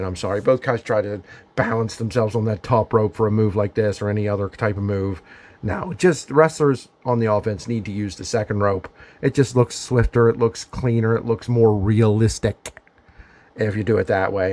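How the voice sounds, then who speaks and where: A man's voice: medium pitch, a little mellow. A man casually narrating and reviewing a wrestling match from home, chatty and opinionated with emphatic asides. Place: home during the daytime.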